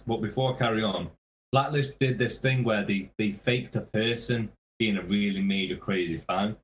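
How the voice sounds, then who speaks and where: Low-voiced man telling tour stories. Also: normal speed, a little hiss or hum, poor audio. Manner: swearing, laughing mid-sentence. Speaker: guest musician. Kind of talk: casual storytelling.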